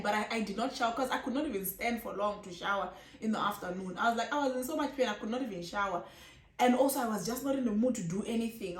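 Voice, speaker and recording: A woman from South Africa telling a personal story to camera in a casual vlog, acting out the quoted dialogue. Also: mid-range voice. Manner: animated, acts out the quoted dialogue. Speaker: vlogger. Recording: echoey room.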